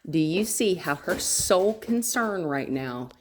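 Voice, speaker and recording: A woman's voice: lowish voice, unhurried, a little hiss or hum. A woman dog trainer giving a demonstration indoors, explaining step by step and often checking in with "right?". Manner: drops to a soft whisper to calm the dog. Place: indoors in a house.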